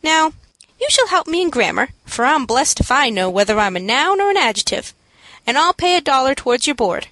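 A woman's voice: high voice, sing-song, fairly quick, fairly bright tone, no echo. A woman reading the part of a generous former street boy who talks eagerly in slang.

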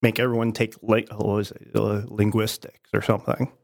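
A man's voice: fairly low pitch, monotone, creaky. A man in casual conversation, speaking hesitantly with frequent fillers and restarts. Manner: hesitant, halting with many fillers. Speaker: conversation partner. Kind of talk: casual chat.

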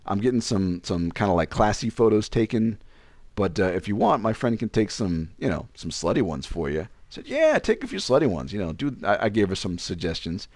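On a podcast, a young man relays a personal story casually and with animation, voicing the other people's lines through pitch jumps. His pace is a little fast, and the recording has no echo.

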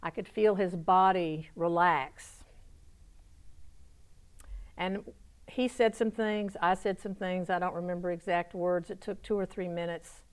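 A woman pastor giving a spoken testimony to an audience, telling her story with lively energy and dropping into soft, hushed tones. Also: fairly low pitch, measured pace, pauses often, clear, resonant tone.

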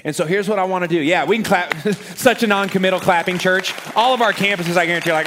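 A man, a pastor preaching to a live church congregation, joking and lively with the crowd and turning quiet and earnest when he prays. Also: high voice, quick pace, hardly any pauses, background noise. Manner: energetic, joking crowd warm-up, then quiet earnest prayer. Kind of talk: sermon.

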